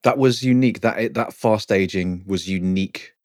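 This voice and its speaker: A man joins a casual podcast chat with jokey, offhand remarks. His voice is very low, and the recording is dry and close. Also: moderate pace, no room sound. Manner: jokey, chatty asides. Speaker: podcast co-host.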